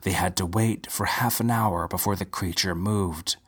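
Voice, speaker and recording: A man reading a short story aloud in a measured, unhurried way. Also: low-pitched, fairly even intonation, slightly rough. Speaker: narrator.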